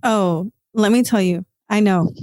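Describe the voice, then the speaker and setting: A mid-pitched woman hosts a casual podcast. She talks in a chatty, emphatic way and keeps asking follow-up questions. The sound is dry and close. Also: unhurried, warm tone, no room sound. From United States. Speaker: podcast host.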